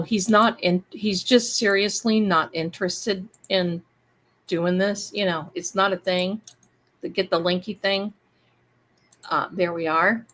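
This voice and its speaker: A woman hosting a casual livestream, chatting and rambling to her viewers. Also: on the low side. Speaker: live-stream host.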